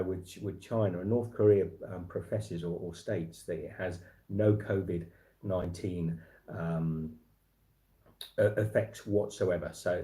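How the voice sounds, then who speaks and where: A man's voice: deep voice, mellow. A man hosting a casual livestream, talking in a rambling way with many restarts and fillers. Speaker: livestream host.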